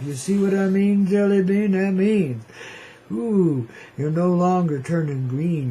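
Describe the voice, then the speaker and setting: A man hosts a radio show with a freewheeling hippie monologue, rambling in a playful, slangy, cosmic way and calling listeners "baby." His voice sits on the high side with a dark tone, and the poor audio has a little hiss or hum.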